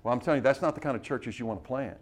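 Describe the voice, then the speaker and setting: Guy preaching to a class, keeps firing questions at them, restarts a lot, mid-pitched voice. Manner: exhortative, rapid rhetorical questions, frequent restarts. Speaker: preacher teaching a missionary class. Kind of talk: sermon-style teaching.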